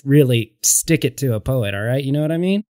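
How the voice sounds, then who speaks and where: A man's voice: medium pitch, lively intonation, a little fast, warm tone. A man playing a tabletop game for comedy, rambling and repeating himself as his character. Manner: rambling, repeats "all right" often. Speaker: player.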